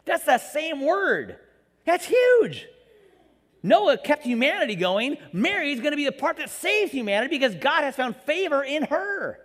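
A man's voice: extremely high pitch, a little slow, in a large hall. A man preaching a sermon in a church, telling the story with jokes and acting out the quotes. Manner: animated, jokey storytelling with acted-out quotes. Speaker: pastor.

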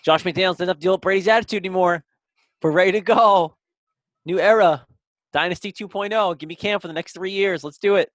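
Dude talking football real fast, hyped, dry mic. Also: male voice, high-pitched, dry recording. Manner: fast, excitable, argumentative. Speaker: sports podcast co-host. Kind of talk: casual sports chat.

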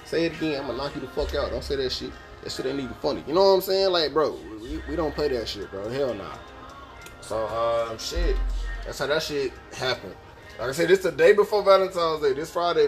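A young man, telling a podcast story in a casual, profane, laughing way. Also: medium pitch. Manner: profane, laid-back, laughing asides. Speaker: podcast host.

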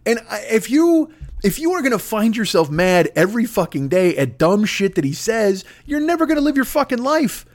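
A man hosting a comedy podcast, ranting in a profane, rambling, excitable way with lots of restarts. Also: sits high, normal speed. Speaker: podcast host. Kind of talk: comedic rant.

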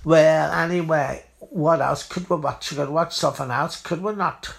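A woman's voice: low voice, normal speed, creaky. A woman playing a blunt, chatty auntie in a comedy sketch. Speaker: comic auntie.

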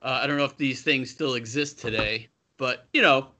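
Bright, lively-voiced man telling tales. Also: mid-range voice, moderate pace. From Buffalo area, USA. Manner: animated rambling storyteller, swears freely. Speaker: co-host. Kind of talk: casual podcast chat.

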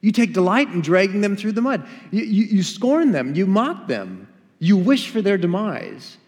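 Guy pastor preaching, kinda high voice, lots of rhetorical questions, big echoey church hall. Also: big pitch swings, moderate pace, darkish tone. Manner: emphatic, rhetorical questions and acted-out asides. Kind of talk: sermon.

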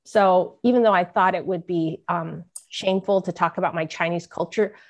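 The recording is muffled as a middle-aged author, a podcast interview guest, earnestly recounts a personal story and acts out the voices of people she quotes. Her fairly low voice holds a fairly even intonation at normal speed.

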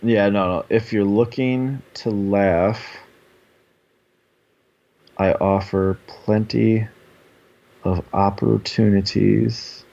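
A man's voice: lowish voice, steady tone, drawn-out words, creaky, long pauses, dark tone, muffled recording. Profane, joking podcast host, a man. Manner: profane, self-mocking banter. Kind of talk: casual podcast chat.

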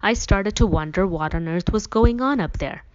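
A woman reading a novel aloud as an audiobook reader, in a plain, even storytelling manner. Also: mid-range voice, moderate pace, clear, resonant tone. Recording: dull lo-fi recording.

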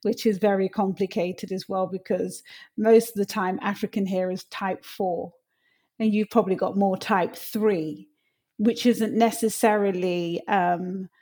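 A woman hosts a conversational interview. She asks calm, probing questions and often agrees as the guest talks. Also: medium pitch.

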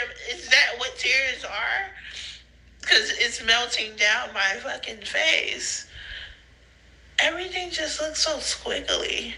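A young woman recording rambling phone voice notes, giggly, profane and slangy, high and tearful, often breaking into laughing squeals. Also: bright, forceful tone, rough recording. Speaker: podcaster sending voice notes. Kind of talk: rambling voice-note monologue. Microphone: phone voice memo.

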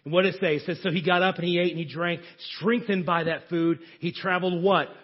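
A man with a high, husky voice delivers a sermon. He drops to near-hushed tones, then climbs to shouting. The recording is dull and lo-fi. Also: steady tone, quick pace. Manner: preaching with sudden swings from hushed to shouting. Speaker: pastor.

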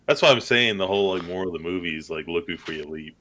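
Male co-host with a lowish voice, wry, casual, swears freely. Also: fast talker, pushed and bright. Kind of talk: casual chat.

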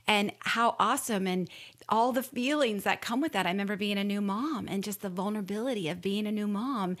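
A woman's voice: mid-range voice, normal speed. A woman in her forties hosting a faith-based interview and sharing personal stories. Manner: animated, shares personal stories. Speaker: podcast host.

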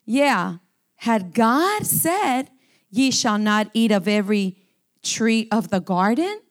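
A woman preacher voicing a sly, coaxing male serpent who tempts with slow, low, wheedling words. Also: lively intonation.

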